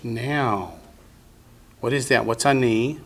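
A man's voice: medium pitch, takes it slowly, background noise. A man teaching Biblical Hebrew in a classroom, patiently drilling students with call-and-response.

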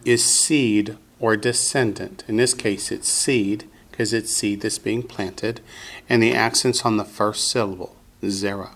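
A man's voice: fairly low pitch, fairly even intonation, a little slow, creaky, fairly bright tone. A man teaching Biblical Hebrew in a classroom, patiently drilling students with call-and-response.

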